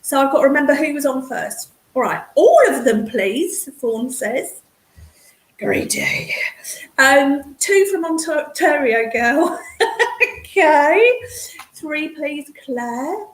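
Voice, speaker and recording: A woman, a psychic medium chatting casually and excitedly with viewers on a live stream, calling them darling and hun. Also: high-pitched, slow, roomy sound, rough recording. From English Midlands. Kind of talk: casual livestream chat with viewers. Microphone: computer mic on a streaming setup.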